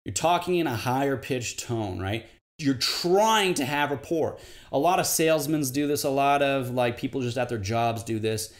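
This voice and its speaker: A man teaching a confidence class in a loose, conversational way. His voice sits at an ordinary middle pitch. Now and then he stops to imitate how other people sound. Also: moderate pace. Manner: conversational, demonstrates tones by mimicking high-pitched greetings. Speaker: confidence coach lecturer. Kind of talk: casual lecture to camera.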